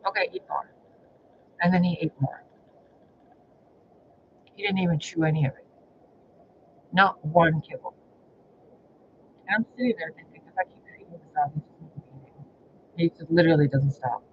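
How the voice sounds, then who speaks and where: A spiritual reader vlogs casually about his personal life, his stories meandering, exasperated and heavy with profanity. His pitch is fairly high and his pace moderate, with frequent pauses. The audio is dull and lo-fi with faint hiss.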